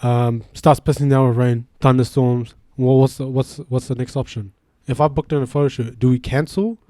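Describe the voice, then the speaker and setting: A man's voice: mid-range voice, steady tone, normal speed, mellow, dry recording, studio quality. A young man hosting a casual podcast chat, joking, laughing and swearing freely. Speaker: podcast host.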